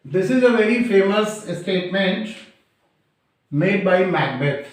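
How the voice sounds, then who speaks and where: Slow, echoey male grammar teacher. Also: high-pitched, animated. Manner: repetitive, deliberate, defines terms over and over. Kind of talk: slow explanatory lecture. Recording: very echoey room.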